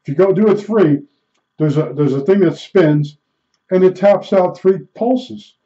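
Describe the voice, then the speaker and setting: A man's voice: high-pitched, measured pace, warm tone. Rambling folksy man, muffled lo-fi sound. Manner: rambling, folksy, full of fillers and restarts; imitates beeps with his mouth. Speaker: storyteller. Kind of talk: casual monologue. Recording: dull lo-fi recording.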